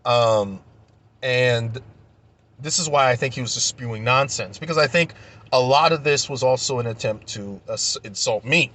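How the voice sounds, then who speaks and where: A man's voice: mid-range voice, normal speed, fairly bright tone. A young man telling a story in a casual vlog rant, heated and profane, repeating himself when he gets worked up. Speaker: vlogger.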